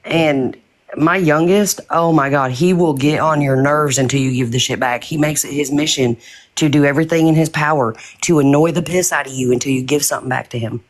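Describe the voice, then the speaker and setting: Low-voiced blunt middle-aged woman. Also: brisk. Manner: blunt, swears freely. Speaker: mother in a group chat. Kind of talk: casual chat.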